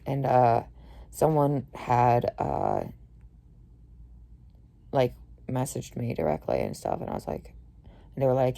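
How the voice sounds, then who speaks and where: Low, gravelly young woman ranting. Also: wildly swooping pitch, slow pace, long pauses. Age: young adult. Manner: swears a lot, rambling with many fillers; mostly low-key and tired, rising to loud outbursts. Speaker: vlogger. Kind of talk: casual storytelling rant.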